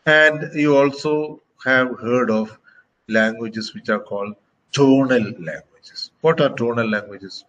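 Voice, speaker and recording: A man giving a classroom lecture, speaking slowly and deliberately, with frequent fillers and check-ins. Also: medium pitch, fairly bright tone, muffled recording. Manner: slow, deliberate, frequent "okay" and "uh".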